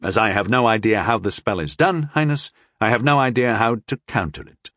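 A man voicing a wary male court wizard in an audiobook, speaking in a measured, restrained and deferential way. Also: fairly low pitch, fairly bright tone, dry recording, clean studio sound, lightly acted. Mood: guarded. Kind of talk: audiobook character voice.

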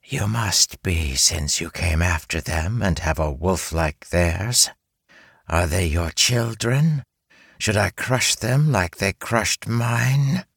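A man's voice: deep voice, slow, gravelly, fairly bright tone, breathy edge, dry recording, studio quality, full character voice. A man doing a hissing giant mother spider. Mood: menacing. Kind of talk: audiobook character voice.

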